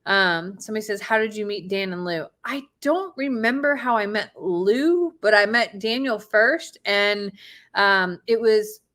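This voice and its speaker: Animated woman telling a funny story. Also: mid-range voice, a little slow. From Midwest US. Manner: animated, laughs often, swings from excited to hushed. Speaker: host telling a personal story. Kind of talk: casual storytelling.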